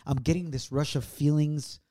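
Mellow-voiced man telling a heartfelt story. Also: on the high side, steady tone, normal speed. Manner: earnest and reflective. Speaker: podcast co-host.

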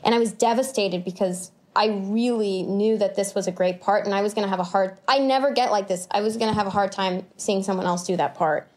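A woman in her twenties, an actor as an interview guest, telling stories in a chatty, animated way with lots of fillers and laughs. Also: medium pitch, a little fast, few pauses. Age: 20s. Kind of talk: casual conversational storytelling.

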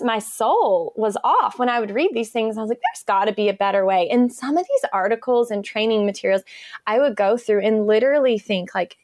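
An American woman in her thirties appears as a podcast guest, chatting casually and telling stories with lots of fillers and enthusiasm. Her voice is medium-pitched, recorded in studio quality with no echo.

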